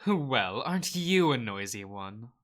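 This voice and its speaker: A man's voice: mid-range voice, very animated, unhurried, fairly bright tone. A man reading a visual novel aloud, voicing a stern, intimidating female doctor who speaks in a curt, commanding way. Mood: cool, stern.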